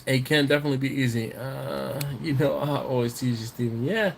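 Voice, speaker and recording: A man's voice: mid-range voice, a little fast, creaky, a little hiss or hum. A man hosting a casual live stream, reading viewer comments aloud in a rambling, chatty way, often laughing and repeating his words. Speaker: livestream host reading viewer chat.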